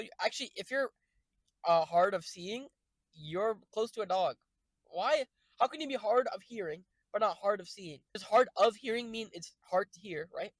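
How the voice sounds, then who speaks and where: A young man streaming, rambling through jokey, profane tangents with sudden loud outbursts. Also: sits high, no room sound, poor audio. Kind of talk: casual rambling stream chat.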